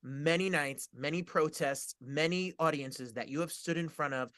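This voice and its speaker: A man's voice: a little high, moderate pace, a bit bright, clear, resonant tone, no echo, clean studio sound. A man hosting a casual chat show, effusive and gushing with gratitude toward his guest. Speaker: host.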